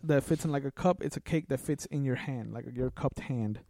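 A man narrates a tabletop role-playing session as its game master. He lays out each scene in a loose, rambling way and leans on "like" and "kinda". His voice is mellow and dry, with a middling pitch. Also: fairly quick, vocal fry, no echo.

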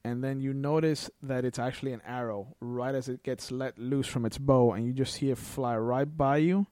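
A man's voice: mid-range voice, steady tone, moderate pace, darkish tone, dry recording. A man running a tabletop game as game master, narrating scenes in a loose, descriptive way with lots of "like" and "kinda".

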